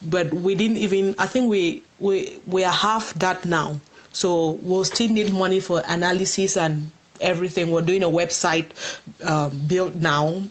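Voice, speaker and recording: A woman's voice: on the low side, fairly even intonation, measured pace. A woman hosting a livestream for a community group, explaining things patiently and reading viewer questions aloud. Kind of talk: live Q&A on a Facebook stream.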